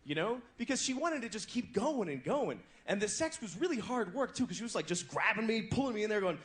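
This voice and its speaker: A lively young American comedian in his twenties, with a high voice, talks a little fast during a stand-up set before a comedy club crowd. His storytelling is crude and conversational, full of acted-out voices, and the live recording carries plenty of club noise.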